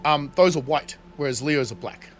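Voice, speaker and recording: A man's voice: fairly high pitch, normal speed, soft background music. A young man casually commenting on his game during a livestream, laughing often and swearing freely. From New Zealand. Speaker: streamer.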